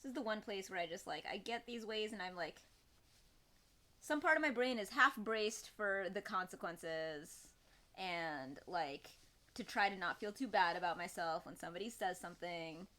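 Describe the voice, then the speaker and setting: A young woman streaming live, chatting in a rambling, expressive way to her viewers. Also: mid-range voice, normal speed. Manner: chatty, rambling and expressive, with laughs and quoted voices. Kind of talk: casual live-stream chat.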